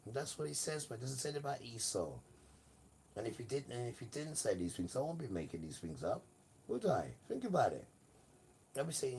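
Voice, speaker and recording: A man's voice: medium pitch, big pitch swings, a little fast, creaky, darkish tone. Rambling man, emphatic live monologue. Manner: rambling, emphatic, keeps addressing the audience. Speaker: live streamer. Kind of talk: casual live-stream monologue. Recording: distant mic with faint room noise.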